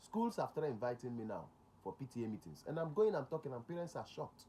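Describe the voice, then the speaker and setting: Nigerian male host, mid-pitched voice, drives points home with repetition and Pidgin asides. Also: very animated, fast, warm tone, a little hiss or hum. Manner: emphatic, repeats key points, slips into Pidgin. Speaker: security relations consultant, show host. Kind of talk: talk show monologue.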